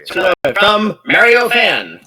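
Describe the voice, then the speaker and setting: A woman moderating a live-streamed convention Q&A, reading out fan questions in a relaxed, friendly way. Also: medium pitch, slow pace. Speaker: panel moderator.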